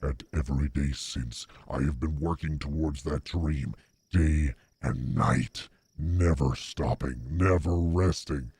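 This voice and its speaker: A man voicing a boastful, self-absorbed young rival chef in a video game, with loud, theatrical exclamations. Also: very deep voice, slow pace, breathy edge, no echo, voice pushed down, heavily acted.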